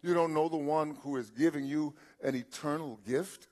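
A man in his seventies preaching a sermon as pastor, repeating phrases and asking rhetorical questions, with frequent halting restarts. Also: on the high side, fairly even intonation. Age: 70s. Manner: repetitive preaching with rhetorical questions, swelling louder at points; halting restarts and filler sounds.

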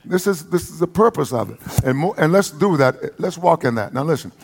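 A man with an East Texas accent preaching a lively sermon, with folksy humor and emphatic repetition. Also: on the high side, brisk, creaky.

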